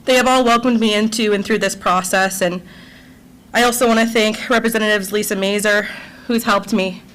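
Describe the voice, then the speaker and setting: A woman's voice: mid-range voice, steady tone, normal speed, a bit bright, poor audio. A woman, a school board candidate, giving an earnest and emotional prepared campaign speech to a local audience.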